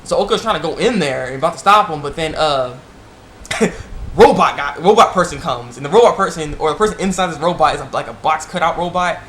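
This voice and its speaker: A young man casually recapping an anime episode in a rambling, animated way, laughing and jumping higher when he quotes the characters. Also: fast talker. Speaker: anime reviewer. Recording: echoey room with faint background noise.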